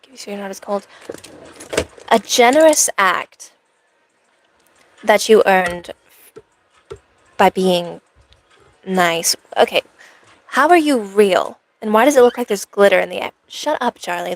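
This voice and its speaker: Sarcastic cosplay streamer woman, gravelly fry. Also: medium pitch, moderate pace. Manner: sarcastic, rambling banter with chat. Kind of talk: in-character cosplay stream chat.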